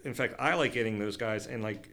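A man's voice: lowish voice, fairly quick, sharp tone, slight background noise. A middle-aged man chatting casually about outdoor trips, rambling with fillers and restarts. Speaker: outdoor program leader, veteran. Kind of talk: casual podcast chat.

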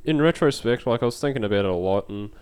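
A man's voice: medium pitch, animated, quick pace, a little mellow, clean tone. A young man with an Australian accent, hosting a podcast and telling an anecdote in casual, slangy, swearing chat. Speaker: podcast host.

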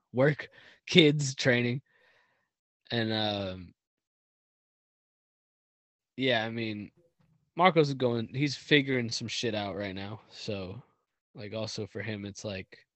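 A man's voice: lowish voice, fairly bright tone, no room sound. A man co-hosting a casual podcast, talking in a slangy, rambling way with lots of swearing and fillers. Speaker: podcast co-host.

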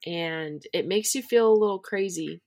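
A woman co-hosting a podcast, a teacher chatting casually, telling stories with bursts of excitement and laughter. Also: on the low side, moderate pace, crowd noise. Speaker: podcast co-host. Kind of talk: casual chat.

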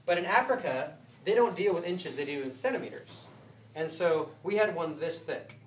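A man's voice: on the high side, animated, moderate pace. A man preaching a casual sermon, telling stories with laughs and voiced asides. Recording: roomy hall from a distant mic with noise.

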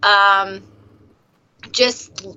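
Female podcast guest, bright tone, muffled lo-fi sound; giggly, chatty. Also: mid-range voice, steady tone, very slow, clear, resonant tone. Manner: giggly, chatty, trailing filler words. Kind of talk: casual podcast chat. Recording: dull lo-fi audio.

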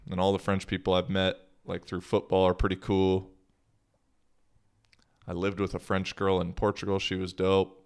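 Laid-back, slangy young man, lowish voice. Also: creaky. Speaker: podcast host. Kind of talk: casual solo podcast monologue.

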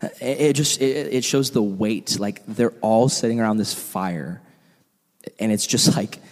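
A young man leading a casual Bible study, talking in a relaxed, conversational way full of asides and fillers. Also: fairly low pitch, a little slow, long reverb tail.

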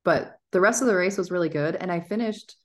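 A woman with a deep, low-pitched voice co-hosts a casual podcast. She tells stories in an easygoing, animated way, full of filler words. She sounds like someone in her thirties talking with a friend. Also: brisk. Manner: animated storytelling, chatty, with fillers. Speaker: podcast co-host. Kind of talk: casual chat.

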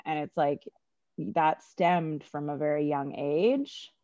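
A woman's voice: deep voice, takes it slowly, warm tone, no echo. A woman chatting reflectively and casually, with plenty of filler words. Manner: reflective, many fillers like "like" and "you know". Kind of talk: casual conversation. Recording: dull lo-fi sound, dry.

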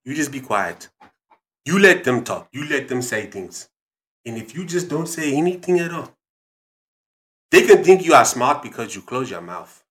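A man's voice: medium pitch, very animated, normal speed, pauses often, a bit bright, voice pushed up. A man voicing a stern, lecturing figure in a put-on African accent who hands out wise sayings and keeps asking if he is understood. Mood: scolding. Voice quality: commanding, repeats questions to the listener.

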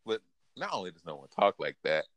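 Deep-voiced man in lively casual chat. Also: a little fast, no echo. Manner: animated, laughs often, quotes characters in raised voice. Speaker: podcast co-host. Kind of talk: casual anime recap chat.

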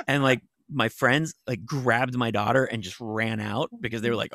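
A middle-aged TV writer and novelist rambles through stories in casual chat, packing his speech with "like" and the odd curse. His medium-pitched, gravelly voice moves fairly quickly with few pauses and a fairly bright tone. The studio-quality recording has no echo.

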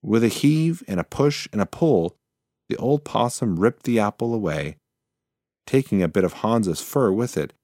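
A man reads a children's story aloud, slow and measured. His voice is low but lively, rising and falling as he goes. The recording is dry and close. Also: no room sound. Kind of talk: storybook narration.

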